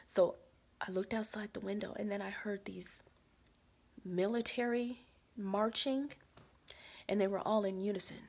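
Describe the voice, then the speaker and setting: A woman's voice: mid-range voice, a little slow, pauses often. A woman casually recounting a frightening dream, repeating phrases and dropping into whispers for quoted lines. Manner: dramatic retelling, drops to whispers for quoted lines; animated, repeats phrases, many fillers. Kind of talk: casual spoken storytelling.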